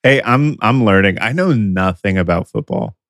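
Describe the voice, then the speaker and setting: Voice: medium pitch, animated, normal speed, a bit bright, dry recording, studio quality. A young podcast host chatting casually with a guest, laid-back and easily amused.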